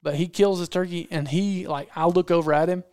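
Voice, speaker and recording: Man, casual hunting story, animated, repeats lines for punch, slightly high voice, dry close mic. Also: brisk, clear, resonant tone, no room sound. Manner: animated, acts out quotes, repeats phrases for effect. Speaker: podcast guest storyteller, hunting videographer.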